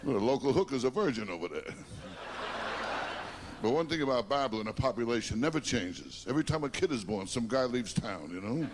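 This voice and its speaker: A man from Long Island doing a stand-up routine, complaining about himself in quick self-deprecating one-liners. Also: mid-range voice, very animated. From Long Island, New York. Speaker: stand-up comedian. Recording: noisy live recording.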